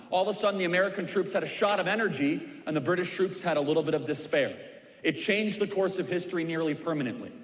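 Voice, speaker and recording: A man telling a history story to a church crowd with emphatic, repeated punchlines. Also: fairly high pitch. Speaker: speaker at a church civics event. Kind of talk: preaching a history story to a live audience. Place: large church auditorium. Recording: echoey hall with long reverb.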